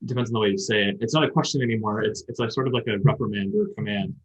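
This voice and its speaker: A man's voice: fairly low pitch, fairly even intonation, racing, breathy edge. A man hosting a podcast, explaining grammar at length in a casual chat and thinking aloud as he goes. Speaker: podcast host teaching Japanese. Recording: dull lo-fi sound.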